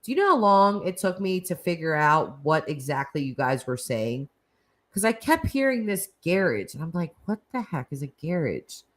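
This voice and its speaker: A woman from the Northeastern United States, whose voice is low for a woman and sing-song, chats with viewers at normal speed on a relaxed live stream. Cheerfully rambling, she fills her talk with "like," "you know," and small laughs.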